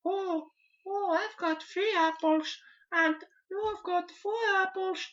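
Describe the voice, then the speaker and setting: A tiny cartoon meerkat child, with a mock Mexican accent. It is singsong and slow, asking sums like a children's show, and the sound is a touch muffled and lo-fi. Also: male voice, very high-pitched, steady tone, bright, forceful tone, pitched above the performer's own voice, exaggerated voice. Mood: curious.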